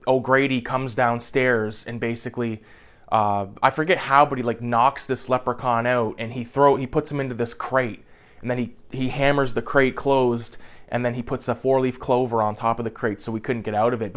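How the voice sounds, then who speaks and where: A man's voice: medium pitch, fairly bright tone. A young man casually recapping a movie plot in a rambling way, swearing freely and filling his speech with "like". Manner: rambling, profane, heavy on "like" fillers.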